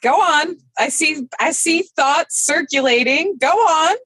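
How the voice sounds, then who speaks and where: A woman on a casual online panel talks slowly in a fairly high voice. She giggles between thoughts and teases the others. Her sound is close and dry. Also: animated, fairly bright tone, no room sound, rough recording. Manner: giggly, teasing, swears casually. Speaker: panelist assessing new cast.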